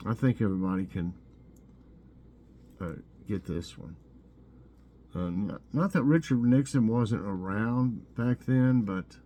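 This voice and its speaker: A man with a mellow, relaxed voice hosts a laid-back trivia segment. He mulls over each question aloud, drawing out the choices before reading the answer. His tone is chatty and unhurried. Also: lowish voice, a little hiss or hum. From Tennessee. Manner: chatty and musing, drawls out answer options. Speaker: vlogger hosting trivia.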